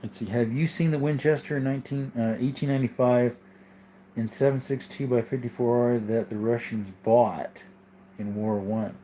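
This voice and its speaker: A man's voice: mid-range voice, fairly even intonation, normal speed, dark tone, slight background noise. A man hosting a casual livestream, reading viewer chat and answering in an easygoing, rambling way while sleepy and yawning. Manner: rambling, easygoing, with frequent ums and asides.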